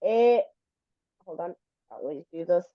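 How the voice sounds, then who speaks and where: In an online language lesson, a woman teaches English in a fairly low voice with lively intonation. She is patient, slow and deliberate, stretching words out to demonstrate them; the audio is dull, with no echo.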